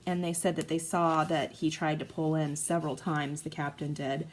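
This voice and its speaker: Chatty low-voiced woman in her forties. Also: level tone, normal speed, slight background noise, poor audio. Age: 40s. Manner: chatty, rambling, self-mocking. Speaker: craft vlogger and mom. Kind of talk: casual storytelling chat while crafting.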